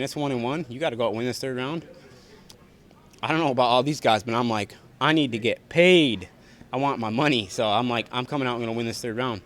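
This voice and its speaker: A young man, a fighter, answering reporters after a bout in a blunt, profane, repetitive way. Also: mid-range voice. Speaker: fighter at post-fight press scrum. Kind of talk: post-fight interview answers. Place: arena backstage press area.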